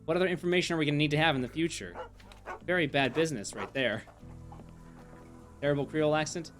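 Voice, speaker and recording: A man streaming a video game live, thinking aloud and gently mocking himself. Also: fairly high pitch, animated, racing, faint music behind.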